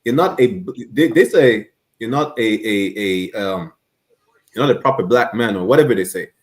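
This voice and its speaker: A man's voice: fairly low pitch, lively intonation, normal speed. A man speaking on an online stream discussion, earnest and rambling, with many restarts.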